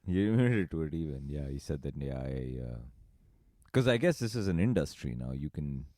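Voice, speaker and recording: Podcast co-host, male, deep voice with a wide range, dry close sound, casual joking delivery. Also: big pitch swings, normal speed, no echo. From Indian family background. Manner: laughs often, swings between low mutters and loud bursts. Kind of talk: casual comedic chat.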